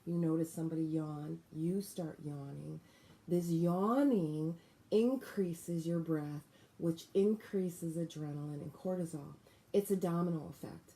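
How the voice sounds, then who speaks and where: Woman, breathwork teacher, unhurried, very mellow dark tone, calm deliberate guidance. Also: sits low. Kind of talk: guided breathing lesson.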